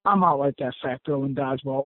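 A man's voice: mid-range voice, a little fast, noisy background. A man calling in to a fan radio show, ranting angrily and swearing heavily about his team's loss. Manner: profane, ranting, heated. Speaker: caller. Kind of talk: angry fan call-in rant. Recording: tinny phone line.

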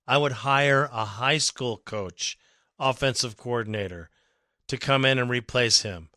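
A man's voice: medium pitch, pushed and bright, no room sound, studio quality. A man hosting a fan podcast, ranting emphatically and with exasperation about his team's coaching. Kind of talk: ranting sports commentary.

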